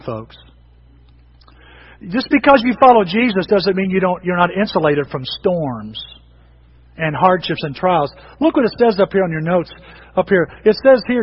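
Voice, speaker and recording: A pastor delivers a lively, conversational sermon with a fairly high, slightly husky voice. He restarts sentences as he goes. The sound is dull and lo-fi. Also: big-room sound. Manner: animated and conversational, frequent restarts.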